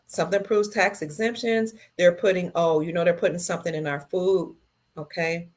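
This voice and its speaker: Low-voiced woman reading viewer comments. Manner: warm, slow, reads comments aloud and answers them. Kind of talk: casual livestream chat.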